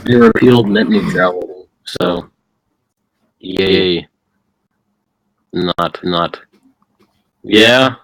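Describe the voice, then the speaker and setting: A man chatting casually in a voice chat, with a flat, sardonic, repetitive way of talking. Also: sits low, very slow, long pauses, rough recording.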